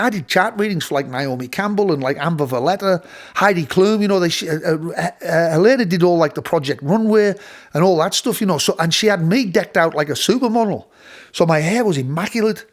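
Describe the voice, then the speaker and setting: A middle-aged man, telling a rambling studio story with many restarts and playful voice impressions. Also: high voice. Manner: rambling, full of restarts, mimics voices with laughter. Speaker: host. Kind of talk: casual storytelling.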